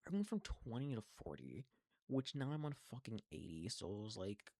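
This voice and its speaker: An eighteen-year-old man in a casual, profane, rambling monologue, full of halting restarts. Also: lowish voice, very animated, darkish tone, no echo. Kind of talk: casual venting monologue to camera.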